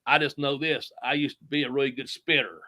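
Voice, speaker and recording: A middle-aged man, a retired wrestler telling profane, animated stories with sound effects. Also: medium pitch, fairly quick. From United States. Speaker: retired pro wrestler, guest. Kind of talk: casual storytelling interview.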